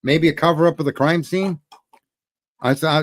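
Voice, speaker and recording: A man's voice: fairly high pitch, fairly even intonation, normal speed. A man on a discussion panel, talking emphatically and posing rhetorical questions.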